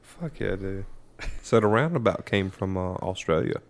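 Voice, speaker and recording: A man co-hosting a casual podcast, laid-back and rambling in a low-key way. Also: lively intonation, normal speed, vocal fry. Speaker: podcast co-host. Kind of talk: casual chat.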